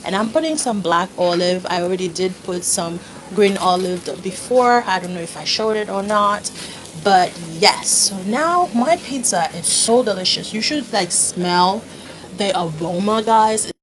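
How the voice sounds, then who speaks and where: A woman's voice: mid-range voice, a little slow, a little hiss or hum, rough recording. A woman chatting casually to her viewers while she cooks at home, laughing at herself as she goes. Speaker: home cooking vlogger. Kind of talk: casual cooking demonstration. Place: home kitchen.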